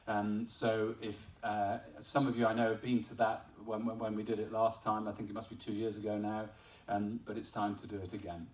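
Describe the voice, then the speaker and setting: A man's voice: lowish voice, flat delivery, normal speed, distant mic. A man who is a member of parliament gives a chatty, self-deprecating speech at an awards ceremony, with an English accent although he is from Wales. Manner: chatty, self-deprecating, laughing at his own story. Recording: echoey hall, voice picked up from afar.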